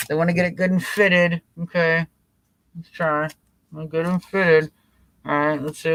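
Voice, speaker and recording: A man hosting a live talk stream, his voice high and bright with a tense edge. He mocks and acts out little scenes as he rambles. The sound is close and dry. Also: little pitch movement, unhurried, long pauses, no room sound, low-quality recording. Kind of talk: casual political talk stream.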